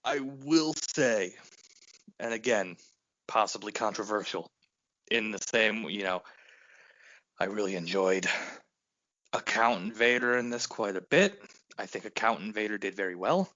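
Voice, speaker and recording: A man co-hosting a podcast in casual chat, excitable and swearing, laughing often and acting out quotes. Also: lowish voice, a little slow, pauses often, dry recording. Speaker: podcast co-host. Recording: dull lo-fi sound.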